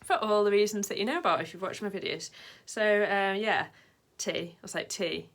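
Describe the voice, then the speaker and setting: A woman's voice: mid-range voice, fairly even intonation, brisk. A woman vlogging in a casual, rambling way, full of fillers and side tangents. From Britain. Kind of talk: casual chat to camera.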